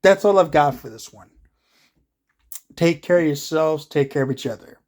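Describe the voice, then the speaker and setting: At a moderate pace and fairly high pitch, a slightly mellow-voiced wrestling vlogger rants to the camera. He's casual, profane and exasperated, rambling along with many filler words.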